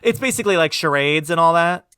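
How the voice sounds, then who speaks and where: A man's voice: on the high side, fast talker, clean tone, dry recording. Podcast guy gushing about movies, goes off on tangents, dead dry mic. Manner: animated, enthusiastic, goes off on tangents. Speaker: podcast host. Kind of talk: casual chat.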